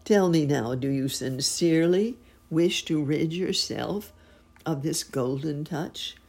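A wise and mysterious stranger questions calmly in a low, dark, husky voice, as a woman narrating puts him on. Each line is measured and quiet. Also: heavily acted. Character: smiling mysterious male stranger, wise and calm.

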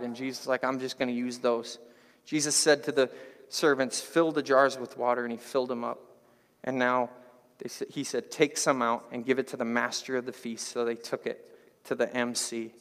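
A man's voice: medium pitch, long reverb tail. A man preaching a sermon as pastor, talking in a loose, conversational way and joking with the congregation. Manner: conversational, animated, jokes with the congregation.

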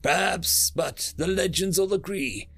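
A man's voice: high voice, measured pace, gravelly, a bit bright, pitched above the performer's own voice, exaggerated voice. Man doing a fiery cave-dwelling woman orator. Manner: impassioned declaiming. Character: fiery female underground cult orator.

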